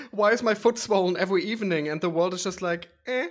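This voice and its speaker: A man's voice: sits high, brisk. A young man co-hosting a podcast, dramatic and playfully indignant in casual banter. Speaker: podcast co-host.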